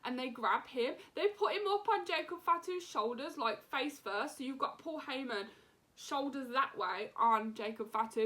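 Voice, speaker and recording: A young woman giving an excited, casual recap as a show reviewer, with lots of fillers and acted-out quotes. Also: high-pitched, measured pace. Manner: animated, many fillers, acts out wrestlers' lines.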